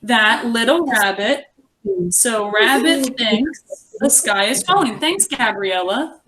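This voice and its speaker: A young adult woman teaching a reading lesson to a class, encouraging and expressive as she reads aloud. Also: a little high, takes it slowly, a little hiss or hum.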